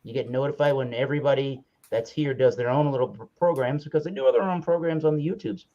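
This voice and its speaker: A man's voice: medium pitch, fast, warm tone. Rambling man hosting a casual stream. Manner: rambling and self-correcting. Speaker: livestream host. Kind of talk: casual livestream chat. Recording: slightly dull lo-fi audio.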